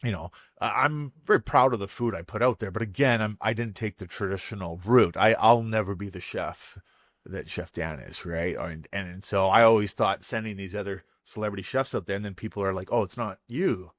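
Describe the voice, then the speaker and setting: Canadian man, low and candid. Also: a little fast, fairly bright tone, dry recording, clean studio sound. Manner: candid, self-deprecating storyteller. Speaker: guest chef. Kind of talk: casual podcast chat.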